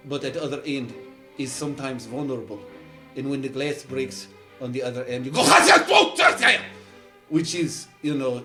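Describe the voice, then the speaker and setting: A man's voice: medium pitch, lightly acted. A man voicing an earnest, boastful male glassblower from Georgia who speaks broken English with no articles and rambles on. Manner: earnest, rambling, bursts into loud shouts.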